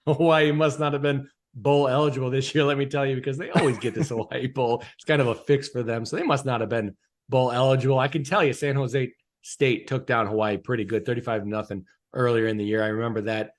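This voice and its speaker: A man's voice: medium pitch, fairly even intonation, brisk. A man with a mid-range voice co-hosts a casual sports podcast. He is chatty and teasing, often laughing as he talks. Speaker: podcast co-host. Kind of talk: casual sports betting chat.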